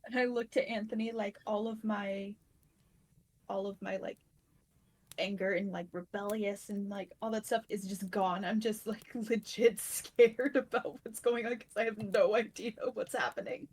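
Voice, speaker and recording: A woman's voice: medium pitch, fairly even intonation, normal speed, darkish tone, breathy edge, rough recording. A woman playing in a tabletop role-playing game, talking hesitantly with lots of fillers. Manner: hesitant, many fillers and restarts. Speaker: player.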